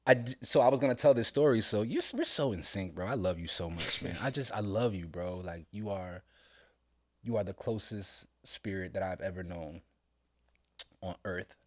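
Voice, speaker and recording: A middle-aged man talking earnestly with his son on a casual podcast, heartfelt and sometimes breaking into loud laughing storytelling. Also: sits low, normal speed. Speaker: podcast co-host, father. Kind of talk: casual father-son conversation.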